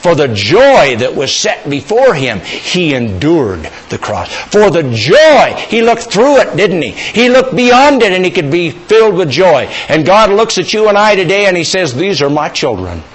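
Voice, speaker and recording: An older male preacher delivers a sermon in a high voice that swoops up and down with animation. He keeps putting questions to his congregation and calling for amens. His delivery rises and falls freely through the whole message. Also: very animated, measured pace, hardly any pauses, breathy edge, low-quality recording.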